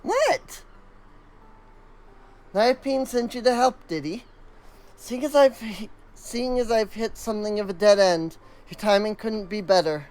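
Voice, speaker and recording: A man's voice: sits high, unhurried, pauses often, a little mellow, pitched above the performer's own voice, rough recording. A man voicing an earnest young woman hunter from a remote village, polite and with a put-on accent. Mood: curious, polite.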